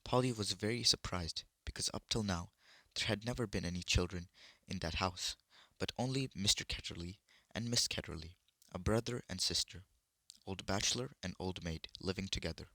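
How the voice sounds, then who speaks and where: A man's voice: deep voice, normal speed, bright, forceful tone, dry recording, studio quality. A man reading a children's novel aloud, unpolished, with slips and restarts. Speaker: reader.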